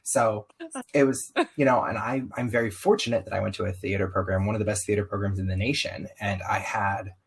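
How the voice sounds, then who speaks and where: A young man with a slight Southern US accent, candidly telling his story in an interview, animated and full of "like" asides. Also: on the low side, brisk, creaky, breathy edge, rough recording. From US, Southern-ish family. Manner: animated, frequent "like" asides, acts out quotes. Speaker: podcast guest.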